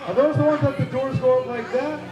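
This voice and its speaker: A man hosting a live quiz game at a party, energetic and playful, shouting out countdowns to the crowd. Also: very high voice, fairly quick, highs cut off. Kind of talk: lively live event hosting. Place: large indoor party hall. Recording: echoey hall with music and crowd.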